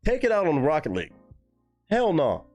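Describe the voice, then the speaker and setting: Animated, swearing male streamer. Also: a little fast, muffled recording, faint music behind. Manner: animated, swearing, jumps to high pitch when surprised. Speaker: livestream host reacting to music. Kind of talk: casual live-stream chat.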